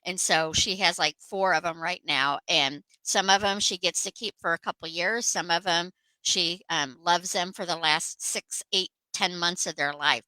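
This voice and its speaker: A woman's voice: on the low side, bright, forceful tone, no room sound, low-quality recording. A woman hosting a casual chat, telling rambling stories with lots of fillers. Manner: rambling storyteller with many fillers. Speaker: host.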